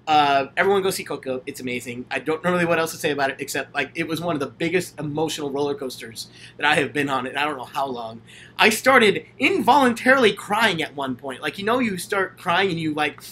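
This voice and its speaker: A man's voice: on the high side, expressive, normal speed, bright, forceful tone, slight background noise. A man hosting a casual livestream Q&A, answering viewer questions while holding his own camera. He talks in an enthusiastic, gushing way, full of fillers and restarts. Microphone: handheld camera, self-filmed.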